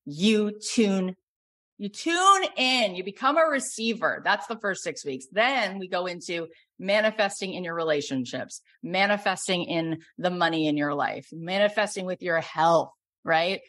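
Middle-aged woman coach selling her program, gushy, gets loud and punchy. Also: lowish voice, lively intonation, measured pace. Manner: effusive, gets loud and emphatic. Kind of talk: sales pitch on a live coaching call.

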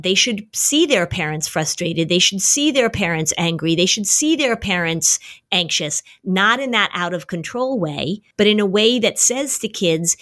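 A middle-aged woman on a podcast, speaking in an ordinary mid-pitched voice. She explains things earnestly and at length, sometimes bursting into quoted exclamations. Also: fairly bright tone. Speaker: podcast guest expert. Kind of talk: casual podcast conversation.

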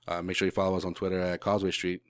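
A man's voice: deep voice, completely flat delivery, rapid-fire, clear, resonant tone, dry recording, studio quality. A male podcast host in casual sports chat, rambling with lots of restarts and the odd swear word.

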